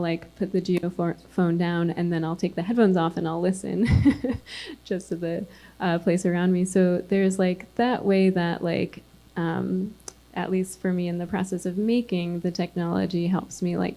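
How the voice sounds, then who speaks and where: A woman's voice: on the low side, warm tone. A woman artist speaking casually on a panel, peppering her talk with fillers and light laughs.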